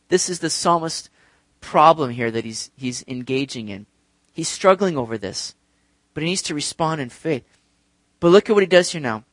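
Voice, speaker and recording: Man preaching, fairly high voice, super dry sound, talks right at the congregation, gets loud then quiet. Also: no echo. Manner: animated preaching, swinging between loud and soft; speaks directly to the congregation. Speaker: pastor. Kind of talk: sermon.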